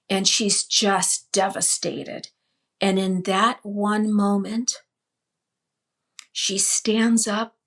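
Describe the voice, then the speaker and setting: An older woman, a guest on an interview, telling a personal story earnestly in a flowing way, often repeating and restarting her words. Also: mid-range voice.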